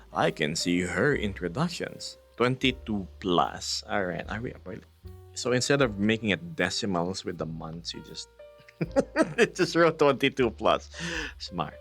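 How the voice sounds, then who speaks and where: A man's voice: fairly low pitch, a bit bright. A man streaming live, reading chat messages aloud and joking about them with frequent chuckles.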